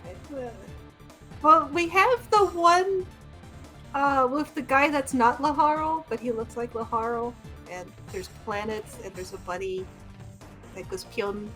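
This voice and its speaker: A woman's voice: high-pitched, expressive, a little slow, fairly bright tone, faint music behind. A woman co-hosting a game stream, chatting casually and laughing often. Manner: giggly, chatty. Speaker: stream co-host. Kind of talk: casual gaming chat.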